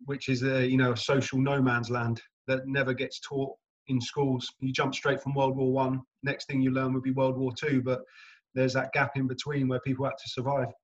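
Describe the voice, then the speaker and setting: Animated young man telling a story. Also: mid-range voice, moderate pace, dull audio. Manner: animated anecdotal storyteller, laughing often. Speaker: actor guest. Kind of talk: casual interview chat.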